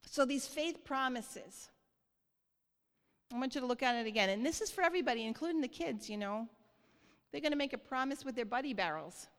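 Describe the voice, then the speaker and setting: A woman preaching a sermon in church, earnest and light, often laughing softly and checking in with the congregation. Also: high voice, animated, a little fast. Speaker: church speaker. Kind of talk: sermon on giving. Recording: long hall reverb.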